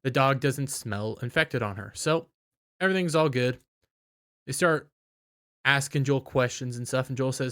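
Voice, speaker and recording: A tired-sounding man recaps a TV episode in a loose, rambling way, stumbling and restarting as he goes. His voice is smooth and clear at a middle pitch. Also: a bit bright. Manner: rambling, halting, with restarts and filler. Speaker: video reviewer. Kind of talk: casual spoken episode recap.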